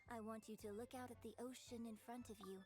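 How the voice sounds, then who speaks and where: A poised, patient opera teacher, voiced by a woman speaks in a slightly high, measured way, guiding her pupil step by step. The game character's lines sit over faint background music. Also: little pitch movement, a little mellow, close to an everyday voice. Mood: calm, instructive. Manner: measured, instructive. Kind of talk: video game voice acting.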